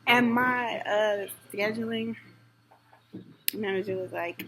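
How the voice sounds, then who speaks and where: A young woman vlogger in casual chat to camera, rambling and animated, full of slang and fillers. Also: medium pitch, slow, gravelly, crowd noise, rough recording.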